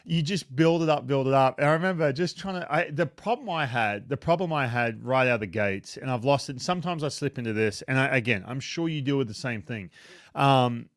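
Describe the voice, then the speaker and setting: A man's voice: medium pitch, fairly quick, no room sound, studio quality. A man in his thirties with an Australian accent, chatting casually and self-deprecatingly in an interview. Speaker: retired pitcher, baseball analyst. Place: home basement.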